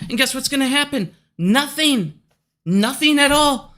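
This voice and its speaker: A man's voice: very high voice, lively intonation, moderate pace, bright, forceful tone. A man ranting angrily about stocks in a vlog, swearing constantly and arguing hard with his critics. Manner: profane, heated and combative. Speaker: stock market commentator.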